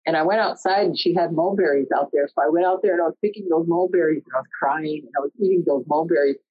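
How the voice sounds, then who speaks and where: A middle-aged woman telling a personal story in an earnest, conversational way, often pausing mid-sentence. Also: low-pitched, husky. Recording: dull lo-fi recording.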